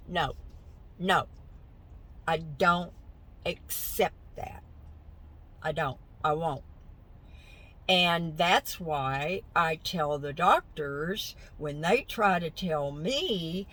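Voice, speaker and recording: A woman's voice: low voice, takes it slowly, fairly bright tone, poor audio. An older woman, chatting casually to her viewers in a folksy, encouraging way. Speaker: vlogger. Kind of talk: casual chat to camera.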